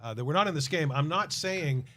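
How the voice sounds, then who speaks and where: A man hosting a live football talk panel, animated and exasperated, laughing often. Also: a little high, fairly quick, slight background noise. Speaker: sports talk show host.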